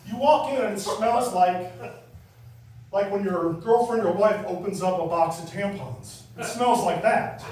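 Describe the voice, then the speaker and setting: A man's voice: high voice, measured pace, a little mellow, a little hiss or hum. A man doing a stand-up comedy set in a small club, chatty and teasing the crowd. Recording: echoey club from far off.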